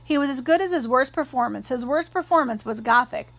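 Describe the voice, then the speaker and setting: A woman narrating a first-person novel aloud in a measured, expressive storytelling manner. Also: high-pitched. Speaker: audiobook narrator.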